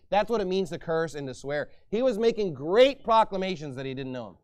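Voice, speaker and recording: A male pastor preaching a sermon and reading scripture aloud, emphatic, swinging from hushed asides to loud declarations. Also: high voice, animated, brisk, clean tone.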